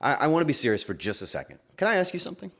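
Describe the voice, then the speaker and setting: A man streaming casually from home, talking to his chat in an emotional, halting way and breaking into sudden excited outbursts. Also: a little high. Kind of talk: casual livestream chat to viewers.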